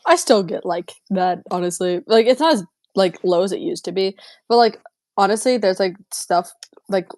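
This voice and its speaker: A young woman chats casually as a guest on a friend's stream, talking loosely with many fillers and an easy giggle. Her voice is of ordinary pitch for a woman and sounds dry, with no reverb. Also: normal speed, a little mellow. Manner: chatty, filler-heavy and giggly. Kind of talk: casual chat.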